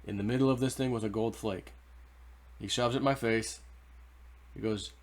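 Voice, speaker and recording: A man's voice: fairly low pitch, fairly even intonation, moderate pace, long pauses. Rambling man telling a personal story. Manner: rambling, frequent restarts and asides. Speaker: vlogger. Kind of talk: casual storytelling.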